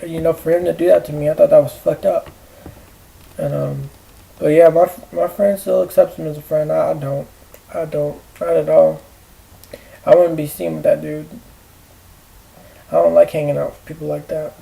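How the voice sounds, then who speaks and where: A man ranting to camera in a rambling, profane way, halting with fillers and restarts. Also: on the high side, little pitch movement, gravelly, mellow, poor audio. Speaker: vlogger. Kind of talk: rambling personal rant.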